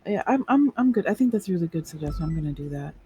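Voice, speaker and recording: A man's voice: on the high side, expressive, very fast, dark tone, dull audio, a little hiss or hum. A man playing a judge in a roleplay, talking bluntly and firmly about how people should behave in court. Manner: blunt and firm, lays down rules. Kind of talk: in-character roleplay conversation.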